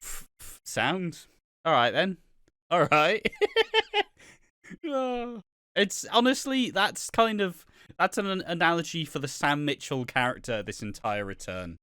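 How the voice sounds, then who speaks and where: A British man co-hosts a podcast, chatting casually and animatedly about a soap episode, swearing often and acting out lines. His voice sits on the high side with wildly swooping pitch, a little slow with frequent pauses, pushed and bright yet clean, in a clean studio recording with no room sound.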